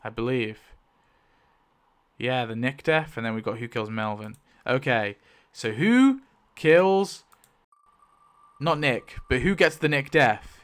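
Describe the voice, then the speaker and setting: Smooth-voiced man thinking aloud. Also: mid-range voice, slow. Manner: animated, swears, thinks aloud, exclaims in mock outrage. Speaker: YouTube creator. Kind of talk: casual commentary while crafting a story.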